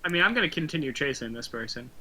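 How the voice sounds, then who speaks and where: A man's voice: fairly high pitch, lively intonation, racing, bright, forceful tone, poor audio. A man playing a tabletop game who laughs easily and jokes in and out of character. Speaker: player.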